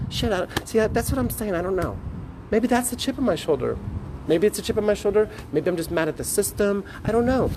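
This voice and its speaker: A man ranting in a rambling, profane, preachy vlog monologue, talking excitedly to his phone camera. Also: high-pitched, a little fast, noisy background. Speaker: vlogger. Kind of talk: rambling selfie-video monologue. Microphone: phone on a tripod.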